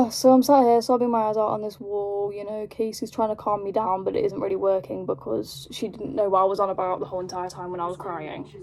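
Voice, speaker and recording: A young British woman telling a story in a casual vlog, rambling and animated, with lots of fillers. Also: medium pitch, a little fast, hardly any pauses. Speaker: vlogger.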